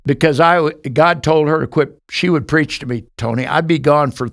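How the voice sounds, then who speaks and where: A man's voice: fairly high pitch, moderate pace, gravelly, no echo, studio quality. A man in his sixties, a podcast guest telling his life story earnestly, acting out the dialogue he recounts.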